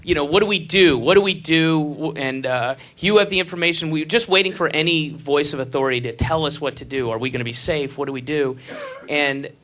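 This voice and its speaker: A man's voice: a little high, a little fast, few pauses, a bit bright. Profane, sarcastic stand-up comic man. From United States. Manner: profane, sarcastic ranting with mocking whispered asides. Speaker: stand-up comedian. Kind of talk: stand-up set. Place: comedy club stage with laughing audience. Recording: live club recording, audience murmur and faint noise.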